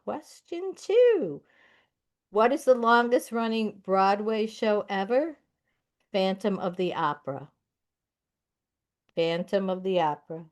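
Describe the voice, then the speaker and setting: A woman hosting a library trivia night, reading out questions and their answers in a deliberate way. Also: mid-range voice, a little mellow. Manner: slow, deliberate, announces each question number. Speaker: trivia quiz host. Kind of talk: reading quiz answers aloud.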